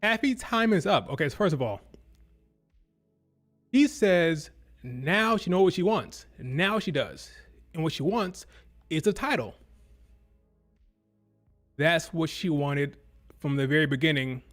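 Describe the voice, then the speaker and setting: A man's voice: fairly high pitch, lively intonation, takes it slowly, pauses often, faint music behind. A man hosting a wrestling review stream, talking in a blunt, exasperated way and often repeating himself. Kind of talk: casual opinionated commentary.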